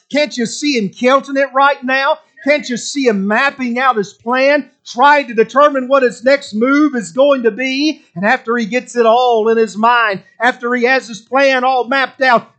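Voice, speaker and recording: A man's voice: extremely high pitch, a bit bright. A middle-aged man preaching a sermon with impassioned, repetitive emphasis.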